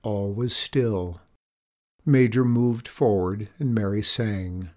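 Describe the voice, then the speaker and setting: A man narrating a children's storybook aloud in a gentle, expressive way. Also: on the low side, takes it slowly.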